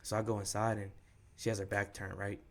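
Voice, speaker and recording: A man's voice: fairly low pitch, flat delivery, fairly quick. A young man co-hosting a podcast, frankly retelling a breakup in slangy, profane everyday talk. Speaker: podcast co-host. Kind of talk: candid personal storytelling.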